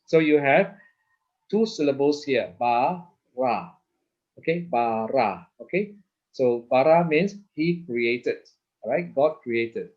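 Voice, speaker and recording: This man teaches Hebrew online using slides, speaking slowly in a medium-pitched voice with lively intonation, though the highs in the audio are cut off. Patient and given to repeating words, he checks in with "okay?" almost every phrase.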